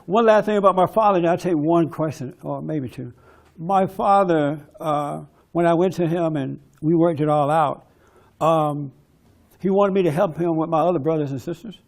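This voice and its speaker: Gravelly high-voiced man preaching. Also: normal speed. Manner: preachy, forceful, mimics others in quoted bits. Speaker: speaker at a men's conference. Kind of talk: conference talk and testimony.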